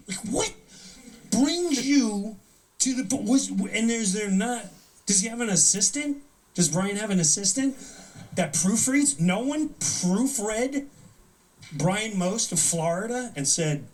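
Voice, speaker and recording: Animated high-voiced man ranting, distant mic. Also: slow pace. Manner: incredulous, acts out mock dialogue in different voices. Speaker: comedian host of a live show. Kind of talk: animated comedic rant.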